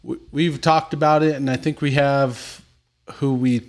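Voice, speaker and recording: A man's voice: mid-range voice, steady tone, a little slow. A man hosting a casual live chat show, joking easily and thanking viewers as he reads their comments. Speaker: podcast host.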